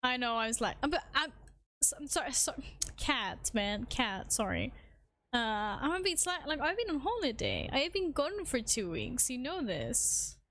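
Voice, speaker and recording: A woman's voice: high-pitched, very animated, a bit bright, a little hiss or hum. A woman streaming a game, chatting casually with her viewers and her cat and humming little tunes in between. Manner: talks to chat and her cat, quick self-deprecating asides. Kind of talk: casual live-stream chat while gaming.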